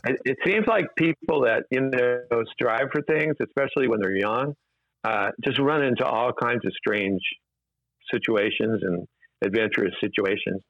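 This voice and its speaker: A man's voice: mid-range voice, normal speed, no echo. A man, an interview guest, telling rambling anecdotes casually with many fillers and restarts, in a dull, dry lo-fi recording.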